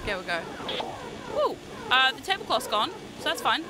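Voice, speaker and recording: Very high-pitched excitable woman gamer. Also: moderate pace, a crowd in the background, background noise. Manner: excitable, shrieking and swearing at the game; self-mocking, chatty asides to viewers. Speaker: VTuber streamer playing a video game. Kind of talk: live gameplay commentary. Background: game music.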